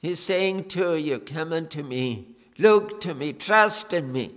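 A man preaching a sermon, earnest and pleading, with long pauses between phrases. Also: on the high side, fairly bright tone. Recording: long reverb of a church hall.

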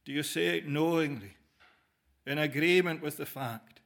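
A man preaching a sermon in measured phrases with frequent pauses, speaking directly to the listeners as "dear friend". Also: on the high side, vocal fry, a bit bright.

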